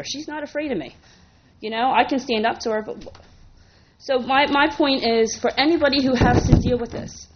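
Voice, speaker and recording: A woman's voice: high voice, lo-fi sound, slight background noise. A woman speaking as a resident at a town council meeting, emotional and indignant, talking in run-on bursts at a podium microphone. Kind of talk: public comment at a council meeting.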